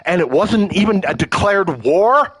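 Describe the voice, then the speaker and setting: A man hosting a livestream rants about politics with heat, profanity and emotion, often stumbling over his words and starting again. His voice sits high, expressive and a bit bright with slight roughness, at a measured pace. The recording quality is low.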